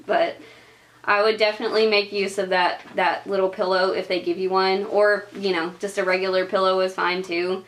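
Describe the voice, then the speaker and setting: A woman's voice: medium pitch, steady tone, normal speed, a bit bright. A young woman vlogging, talking casually and chattily to camera, laughing often and using lots of filler words. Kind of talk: casual advice chat to camera.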